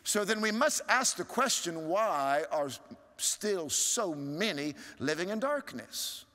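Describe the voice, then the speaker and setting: High, lively preaching man in a reverberant church. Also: takes it slowly. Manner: preaching with sweeping rises and hushed drops. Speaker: pastor. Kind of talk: sermon. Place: large church sanctuary.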